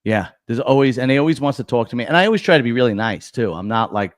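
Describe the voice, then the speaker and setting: A middle-aged man hosting a casual chat, animated and quick to swear and laugh. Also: mid-range voice, no room sound, studio quality. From Italian heritage. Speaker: bodybuilding show host.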